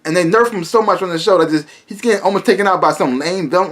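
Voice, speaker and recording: A man's voice: high-pitched, fast, a bit bright. A man casually reviewing a TV episode, rambling with many restarts and fillers and breaking into exasperated asides.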